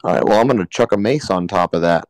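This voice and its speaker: A man's voice: low voice, quick pace, darkish tone, no room sound, rough recording. A man playing a tabletop game, planning his moves hesitantly with many restarts. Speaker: player. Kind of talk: casual tabletop play chat.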